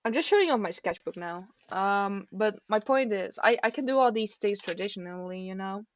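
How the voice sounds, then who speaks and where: Rambling young woman, halting vlog chat. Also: medium pitch, lively intonation. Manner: rambling, halting, self-deprecating. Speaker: vlogger. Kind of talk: casual confessional chat. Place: at home, seated at a desk. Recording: dry, slightly dull lo-fi.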